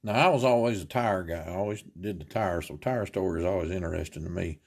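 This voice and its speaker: A man with a very low, husky voice hosts a racing podcast. He mostly listens and drops in short, easygoing questions. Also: fast. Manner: brief backchannel, relaxed questions. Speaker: podcast host. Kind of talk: casual interview.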